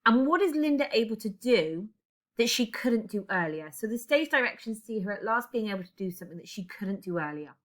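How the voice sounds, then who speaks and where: A woman's voice: medium pitch, expressive, a little fast, a bit bright. A woman English teacher recording a lesson, guiding students step by step with reflective questions.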